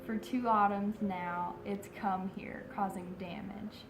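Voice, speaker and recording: A woman's voice: mid-range voice, steady tone, slow, roomy sound, noisy background, natural voice. A woman voicing a solemn warrior man in her own casual speaking voice. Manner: casual, says "like", barely changes her voice.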